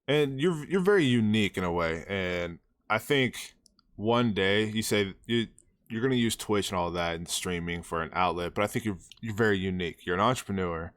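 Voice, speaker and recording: Male podcast host, low voice, eager, dry close mic. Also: a bit bright, dry recording. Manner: enthusiastic, quick to laugh and hype up his guest. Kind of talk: casual podcast interview.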